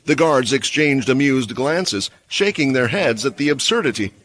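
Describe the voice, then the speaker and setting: A man's voice: mid-range voice, animated, normal speed, fairly bright tone. Man narrating a fantasy recap. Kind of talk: scripted story narration.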